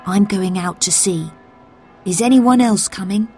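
A woman's voice: mid-range voice, unhurried, darkish tone, faint music behind, natural voice. A woman voicing a curious, eager young boy in a storybook reading. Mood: urgent.

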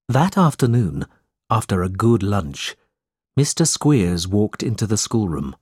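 A man narrating a storybook chapter slowly and deliberately, with expressive reading. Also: lowish voice, breathy edge, no echo, studio quality. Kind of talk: slow audiobook narration for learners.

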